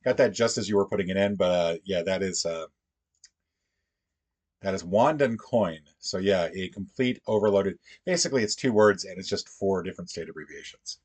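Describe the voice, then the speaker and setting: Casting: low, husky male stream host, halting, musing, talks to chat. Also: darkish tone. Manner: thinks aloud, halting and musing. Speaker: livestream puzzle host. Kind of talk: casual livestream chat.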